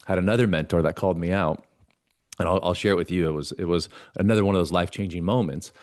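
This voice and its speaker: A man's voice: low voice, fast, a little mellow, dry recording. A man guest on a talk show, telling his story earnestly and acting out the voices of himself and a mentor. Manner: earnest, acts out quoted dialogue with himself and a mentor. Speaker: podcast guest. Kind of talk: conversational storytelling.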